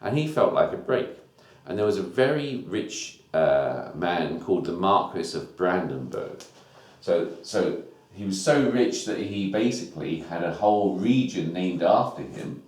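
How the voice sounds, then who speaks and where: A man with a deep, low voice teaches a music lesson. He talks informally and walks through each new term one step at a time. His voice rings around an echoey room. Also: sing-song, measured pace, darkish tone. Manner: informal, explains terms step by step.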